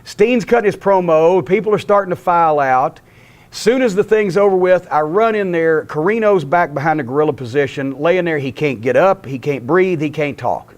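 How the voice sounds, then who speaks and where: An older man with a high, reedy voice tells a backstage war story with exasperated energy. He swears constantly and snaps into quoted dialogue, and his delivery stays lively and profane throughout. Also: moderate pace. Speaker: wrestling promoter telling stories.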